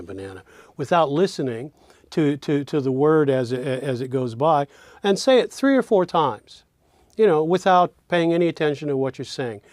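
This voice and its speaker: Male teacher, slightly high voice, unhurried and demonstrative, repeats example words, dry close sound. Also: darkish tone, no echo. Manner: slow, demonstrative, repeats words to show their melody. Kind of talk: recorded lesson.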